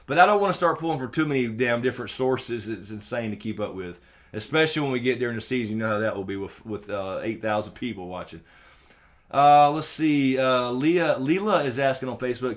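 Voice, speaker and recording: A man with a Southern American accent hosting a casual live stream. He reads viewer questions aloud and answers them, swearing freely and swinging from low mutters to loud, animated bursts. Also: fairly quick.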